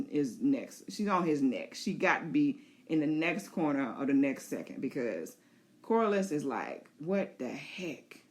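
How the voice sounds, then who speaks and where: Animated woman recapping a TV episode. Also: lowish voice. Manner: animated, chatty, laughing asides. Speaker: show host.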